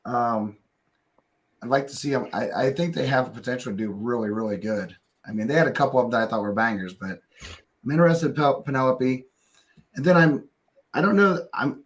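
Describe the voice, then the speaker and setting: A man with a mid-range voice chats easily as one of several panelists. He thinks out loud and pads his points with fillers and small restarts. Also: mid-range voice. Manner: easygoing, thinks aloud with fillers. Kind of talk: casual group chat.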